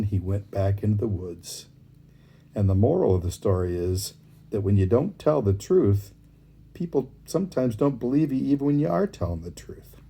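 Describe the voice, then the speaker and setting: A man reads fables aloud in a relaxed, easy manner, adding asides along the way. His tone is warm and mellow with a slightly husky grain, and his pitch moves a lot, giving the stories plenty of lift.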